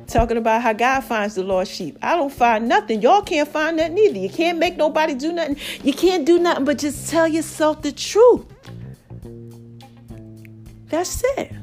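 A woman hosting a casual motivational podcast, preachy and animated, her voice cracking and tired. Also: high-pitched. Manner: preachy, animated, calls listeners baby and child. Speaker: podcast host.

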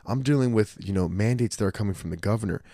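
A man's voice: lowish voice, quick pace, warm tone, no room sound, studio quality. A man hosting a podcast, talking casually in a blunt, profane, emphatic way. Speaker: podcast host and martial arts school owner.

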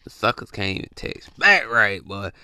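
Animated man ranting close to the mic. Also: moderate pace, clear, resonant tone, no room sound. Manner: animated, acts out confused texters in jumpy high voices. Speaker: podcast host. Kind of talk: casual comedic rant.

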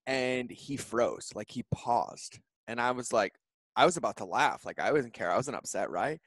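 A man in his thirties, a podcast guest, telling an emotional personal story in an earnest, heartfelt way with fast run-on phrasing. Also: medium pitch, lively intonation, a bit bright, dry recording. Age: 30s.

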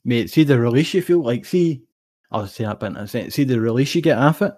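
A young Scottish man rattles through a rambling story at a quick clip, swearing freely as he goes. His voice sits in an ordinary middle register. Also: mid-range voice, lively intonation, darkish tone. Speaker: podcast co-host. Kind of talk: casual chat.

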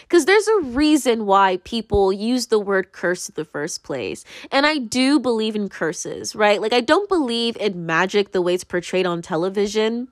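A woman's voice: medium pitch, dry recording, studio quality. A young woman talking casually to camera in a rambling monologue, full of fillers, restarts and sudden swings.

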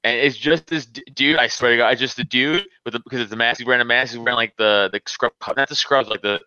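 Man, rambling storyteller, bright voice, dry sound. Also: mid-range voice, steady tone, fast talker, clear, resonant tone, no echo, highs cut off. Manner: rambling storyteller, many restarts and "like". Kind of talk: casual banter.

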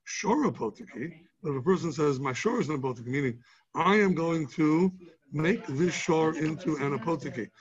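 Husky man teaching a Talmud class. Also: on the high side, lively intonation, moderate pace, highs cut off. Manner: explains step by step with examples, frequent restarts and rhetorical questions.

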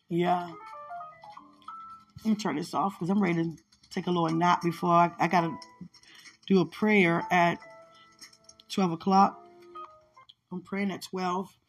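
A woman's voice: lowish voice, husky. A woman minister sharing a personal spiritual testimony in a heartfelt, conversational way, often repeating phrases for emphasis.

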